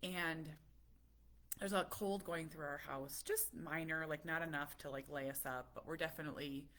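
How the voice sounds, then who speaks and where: A woman talking casually to her viewers about her family, chatty and animated, a little stuffy from a cold. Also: low voice, moderate pace. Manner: chatty, animated, laughs often. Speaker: parent vlogger. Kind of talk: casual chat.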